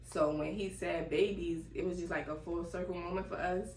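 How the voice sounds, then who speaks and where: A young woman telling a casual, animated story and laughing as she goes. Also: lowish voice, normal speed. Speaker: vlogger. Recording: echoey room, distant mic, faint noise.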